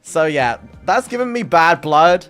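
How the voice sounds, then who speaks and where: A man streaming, telling a story in casual chat, animated and swearing often, acting out the people in it. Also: fairly high pitch, unhurried, soft background music. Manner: animated, swears a lot, acts out voices in the story.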